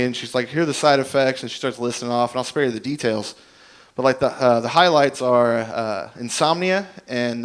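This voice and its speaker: A man's voice: mid-range voice, a bit bright. Man doing a rambling stand-up set. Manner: rambling, self-deprecating storytelling that acts out both sides of each exchange. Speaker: stand-up comedian.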